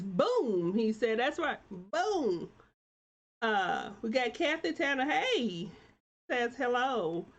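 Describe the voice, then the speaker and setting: A woman host on a live stream, calling out viewers by name and urging them on like a preacher. She talks slowly and sits a little high in pitch, and the computer audio is somewhat dull and lo-fi. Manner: warm encouraging, churchy preacher-like exhortation. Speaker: talk show host.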